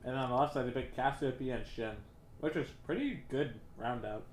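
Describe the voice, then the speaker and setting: A man's voice: medium pitch, normal speed, reverberant, a little hiss or hum. Casual man casting an esports draft. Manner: relaxed, hesitant with many fillers. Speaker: esports caster.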